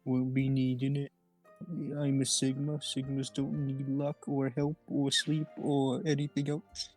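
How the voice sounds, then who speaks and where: A man's voice: mid-range voice, monotone, a little slow, a little mellow, faint music behind, close to an everyday voice. A man voicing a cocky, self-assured adventurer in a video game who boasts and waves off any help.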